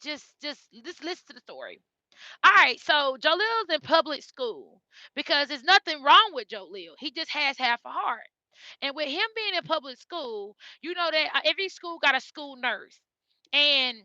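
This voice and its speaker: High, bright-voiced mother vlogging. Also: no room sound, dull audio. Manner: emotional, repeats herself, talks straight to viewers. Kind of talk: casual storytelling to viewers.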